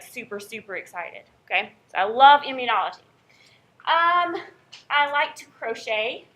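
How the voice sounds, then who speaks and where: A woman's voice: a little high, pushed and bright. A young woman from North Carolina with a Southern accent, a college professor chatting upbeat with her class and calling roll in a classroom. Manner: upbeat, chatty, checks in with "okay?". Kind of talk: first-day class introduction and roll call.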